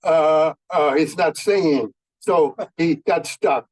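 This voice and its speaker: An elderly man in his nineties speaks at a memorial, telling old war stories. His voice sits rather high for a man and sounds dry and close. He talks in a folksy, halting way, with frequent fillers. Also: dry recording, low-quality recording. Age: 90s. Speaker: veteran speaker. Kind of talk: anecdotal war storytelling.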